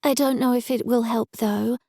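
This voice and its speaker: A woman voicing an excitable, chatty young woman friend in an audiobook, speaking high and breathless. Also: normal speed, no echo, clean studio sound. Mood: concerned.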